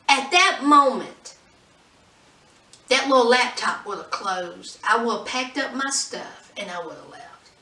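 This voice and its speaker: A woman's voice: fairly high pitch, lively intonation, a little slow, sharp tone, distant mic. A woman reviewing a reality show in a sassy, exasperated chat, calling her viewers honey. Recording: echoey room, voice off-mic.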